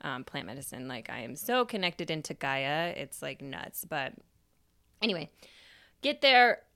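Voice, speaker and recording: Young woman podcaster rambling through a story, lowish smooth voice, swears a lot. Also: a little slow, no room sound, clean studio sound. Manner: animated, swears freely, quotes herself. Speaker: podcast host. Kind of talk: casual storytelling.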